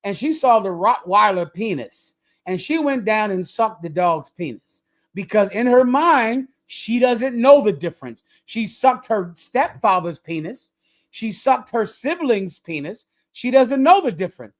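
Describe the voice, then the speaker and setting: Leading a religious group's livestreamed lesson, this man preaches with emphasis, his cadence lecturing and repetitive. His voice is high-pitched and unhurried, with big pitch swings.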